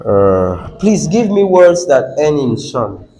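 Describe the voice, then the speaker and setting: A man with a Nigerian English accent leads a classroom lesson on word stress. His fairly high voice swings widely in pitch, and he speaks slowly. He repeats words and keeps asking the class questions. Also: very animated, mellow, poor audio. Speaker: English teacher.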